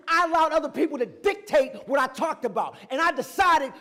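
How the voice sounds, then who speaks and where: High-voiced man telling his story in a hall. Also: fairly quick, few pauses. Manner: lively, conversational, acts out dialogue. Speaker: guest speaker. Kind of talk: motivational personal storytelling talk. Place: campus event hall.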